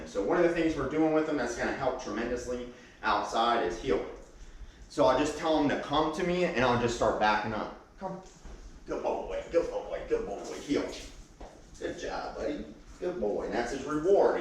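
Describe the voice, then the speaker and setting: A man gives a calm, hands-on dog training lesson, full of fillers and restarts. His voice sits at an everyday pitch. He is picked up from a distance in a very echoey room. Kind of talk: casual training demonstration. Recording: very echoey room, mic far off.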